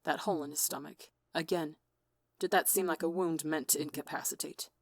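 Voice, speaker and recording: A woman voicing a calm, earnest female villain leader who speaks flatly and softly. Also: sits low, a little fast, dry recording, studio quality. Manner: flat, soft, non-judgmental.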